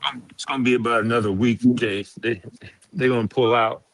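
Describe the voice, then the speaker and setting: A man's voice: mid-range voice, steady tone, a little fast, a bit bright, low-quality recording. A man bluntly giving casual political opinions with profanity.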